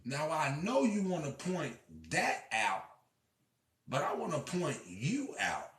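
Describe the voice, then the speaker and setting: Passionate male storyteller, rough-edged and repetitive, distant in an echoing room. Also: fairly high pitch, very animated, slow pace. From Illinois. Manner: impassioned, swings from shouting to quiet; profane, repeats himself. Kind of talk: preaching monologue. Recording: echoey room, far from mic.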